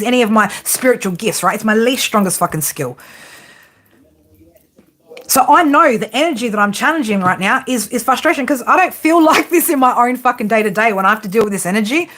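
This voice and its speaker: A woman's voice: fairly high pitch, fast talker, fairly bright tone. Exasperated woman, swearing through a psychic rant. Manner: swears constantly, laughs often; exasperated, repeats "right?". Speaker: psychic tarot reader. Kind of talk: ranting to viewers.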